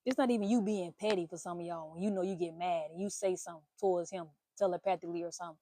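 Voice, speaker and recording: Animated, blunt woman with a mellow voice. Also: fairly low pitch, very fast, slight background noise. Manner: animated, swearing, playful exclamations. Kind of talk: casual spiritual reading monologue.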